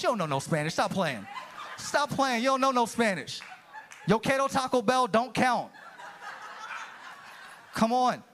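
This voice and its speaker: A man preaches a sermon in a church sanctuary. He is animated and keeps calling out to the congregation for a response. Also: very high voice. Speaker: pastor.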